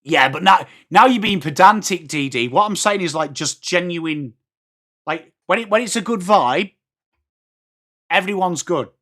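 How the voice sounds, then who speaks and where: A man's voice: sits high, animated, unhurried, pushed and bright. An English man hosting a live match watchalong, chatting casually and answering viewer comments while calling the play. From England. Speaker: watchalong host. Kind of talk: live stream chat.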